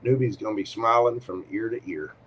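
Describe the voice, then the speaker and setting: A man's voice: on the low side, brisk, a little hiss or hum. A man hosting a live tarot Q&A, giving readings in a playful, teasing way with short punchy commands.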